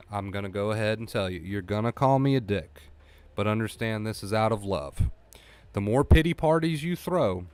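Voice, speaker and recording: A man's voice: lowish voice, clean tone, no echo. A man coaching viewers through anxiety recovery on a live stream, blunt and repeating himself for emphasis. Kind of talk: live-stream talk to chat.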